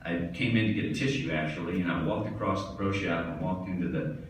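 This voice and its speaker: Speaking fast in a low voice, a tennis pro gives his hall of fame acceptance speech, full of funny stories he laughs along with. It was recorded from a distance in an echoey hall, and background noise is present.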